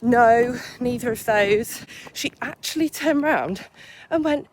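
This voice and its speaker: Young english woman vlogging, chatty and sweary, tells stories fast and lively. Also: on the high side. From England. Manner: chatty, swears freely, animated retelling. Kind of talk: casual vlog chat.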